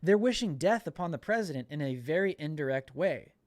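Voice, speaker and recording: An indignant man hosting a commentary podcast, pressing his points with emphatic repetition. His voice sits on the higher side for a man. The sound is dry and close, with no room echo. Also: expressive, fairly quick, a little mellow. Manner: indignant, emphatic, repeats words. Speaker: podcast host.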